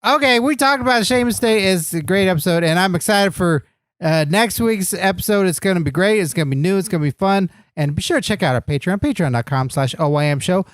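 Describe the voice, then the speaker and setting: A man's voice: high voice, lively intonation, a little fast, no room sound, clean studio sound. A man co-hosting a comedy wrestling podcast, joking and rambling through his lines. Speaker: podcast co-host.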